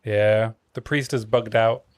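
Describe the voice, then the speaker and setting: A man's voice: lowish voice, steady tone, measured pace. A man chatting casually while streaming a video game, joking around and trailing off with fillers. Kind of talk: casual gameplay chat.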